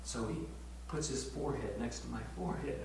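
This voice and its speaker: An older male pastor giving a retreat sermon, telling a tender story and often sinking to a hushed near-whisper. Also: mid-range voice, brisk, crowd noise. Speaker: pastor leading a prayer retreat. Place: retreat meeting room. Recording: echoey room from far off with faint hum.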